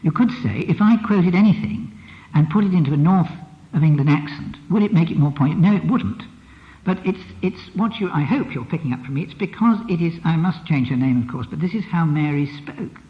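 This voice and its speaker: A man's voice: on the high side, lively intonation, fairly quick. A man giving a lecture as a psychotherapist, reflective and emphatic, often repeating a phrase with the stress shifted. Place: lecture hall. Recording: dull lo-fi archive recording in a reverberant hall.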